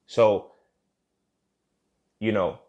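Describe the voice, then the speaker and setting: A young man, host of his own show, telling a painful personal story in casual, profane speech that swings from loud to hushed. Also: on the low side, fairly even intonation, extremely slow, muffled recording. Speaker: podcast host.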